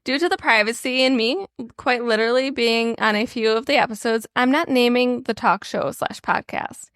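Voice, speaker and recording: A woman with a fairly high voice reads an online post aloud for her podcast, keeping it chatty and amused. The sound is close and dry, with no room around it. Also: moderate pace, fairly bright tone, dry recording. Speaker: podcast co-host. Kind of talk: casual chat and reading stories aloud.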